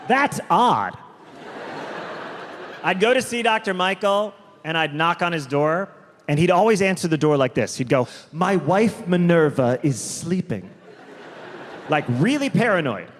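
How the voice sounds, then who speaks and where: A man performing a stand-up comedy set on stage, telling stories deliberately and drawn out, with quick asides. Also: sits high, lively intonation, a bit bright. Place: large theater stage. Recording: live comedy hall with long reverb, faint crowd noise.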